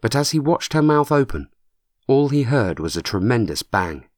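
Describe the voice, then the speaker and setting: A man narrating an audiobook with measured storytelling. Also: medium pitch, sing-song, dry recording, studio quality. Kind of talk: scripted narration.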